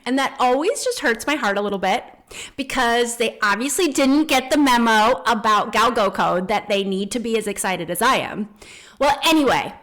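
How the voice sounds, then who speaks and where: A woman hosting a spiritual podcast, talking casually and earnestly, telling personal stories with animated feeling. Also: fairly high pitch. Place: home in the Netherlands.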